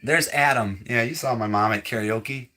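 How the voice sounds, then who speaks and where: A man co-hosting a live home-tour stream, playful and excitable, sometimes breaking into shouts. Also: medium pitch, normal speed, soft background music. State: out of breath. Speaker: channel co-host giving a house tour.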